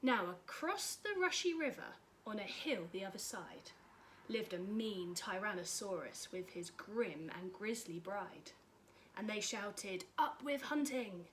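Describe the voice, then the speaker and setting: A woman reading a rhyming picture book aloud in an expressive, rhythmic way. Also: medium pitch, a little slow, slight background noise. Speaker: storyteller.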